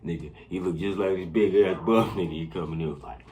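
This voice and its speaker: A man telling a profane personal story in casual podcast talk, animated and laughing often, checking in with his listeners again and again. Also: deep voice, quick pace, a little hiss or hum. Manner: animated, laughing often, keeps saying "you know what I'm saying".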